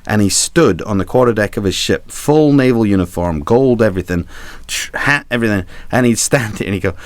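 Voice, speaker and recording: A man's voice: fairly low pitch, lively intonation, brisk, dry recording. A man, a ship's captain, telling a rambling, comic history story full of asides and swearing. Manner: rambling, chuckling, swearing for laughs. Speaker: cruise ship captain telling stories.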